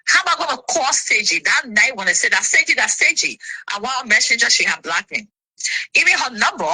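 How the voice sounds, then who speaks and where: A woman, an interview guest telling her side of a dispute in an indignant, animated way. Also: on the high side, breathy edge, dry recording, rough recording.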